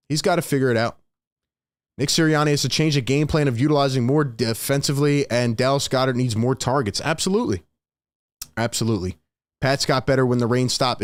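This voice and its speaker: A man hosts a live halftime reaction stream with emphatic, frustrated energy, often saying his points twice. His voice sits at an ordinary pitch. The sound is dry and close, with no room echo. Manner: frustrated, emphatic, repeats himself. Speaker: sports show host.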